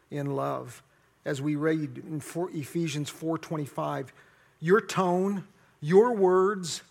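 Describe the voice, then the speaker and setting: A man's voice: fairly high pitch, gravelly, a bit bright. A man preaching a sermon in an earnest, emphatic teaching manner. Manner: earnest, emphatic teaching with rising force on key words.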